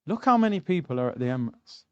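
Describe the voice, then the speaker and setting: A man's voice: fairly high pitch, sing-song, quick pace, smooth, no echo, lo-fi sound. Man chatting on a football stream. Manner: banter, reacting and reading out chat. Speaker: streamer hosting a football watchalong. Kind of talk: casual live-stream chat.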